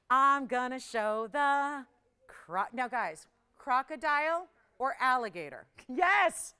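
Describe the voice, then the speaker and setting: A woman hosts a live jewelry shopping program in a chatty, excitable manner. She laughs often and calls out to callers and operators as she sells. Her voice sits a little high and rings bright. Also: unhurried, clear, resonant tone.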